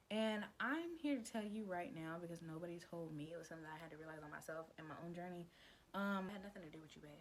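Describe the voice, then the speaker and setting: A woman vlogger speaks straight to her viewers in a relaxed, chatty way, pressing her points with repeats and calling them girl and babe. Her voice sits fairly low, with a faint hum of room sound behind her. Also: fast talker, low-quality recording. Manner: glances down at written notes. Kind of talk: casual advice talk to camera.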